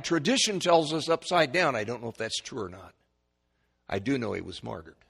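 A man preaching a Bible lesson, chatting at first, then climbing to loud, emphatic peaks when he quotes scripture, with stammered restarts. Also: fairly high pitch, slightly rough. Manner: conversational teaching with stammered restarts. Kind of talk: Bible teaching sermon.

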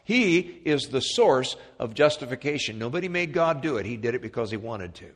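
A man preaching a sermon, emphatic, swinging from loud peaks to quiet asides. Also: very animated, normal speed. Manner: emphatic, rising to loud peaks then dropping low. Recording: long hall reverb.

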